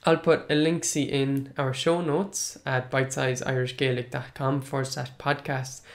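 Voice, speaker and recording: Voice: mid-range voice, level tone, normal speed. A podcast host patiently answers listener questions about pronunciation and often checks in with "right?".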